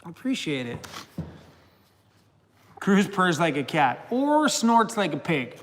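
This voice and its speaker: A middle-aged man chats loosely on a livestream, reading out member names and laughing often. His voice sits a little high for a man, and a long reverb trails his words. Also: very animated, takes it slowly. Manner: chatty, laughs often, talks to his dog. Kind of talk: casual livestream chat.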